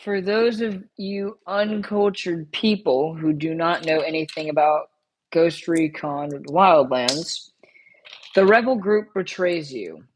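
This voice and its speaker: Slow-talking woman streamer, rambling to chat. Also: on the low side, slight background noise, poor audio. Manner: rambling, talks straight to chat, repeats herself. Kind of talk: casual live-stream chat.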